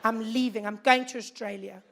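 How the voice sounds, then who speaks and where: A man's voice: high voice, fairly even intonation, brisk, creaky, fairly bright tone, a faint crowd. A man putting on the voice of a fretful ready to emigrate, whining and repeating himself in a stand-up set. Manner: whiny, repeating himself, anxious.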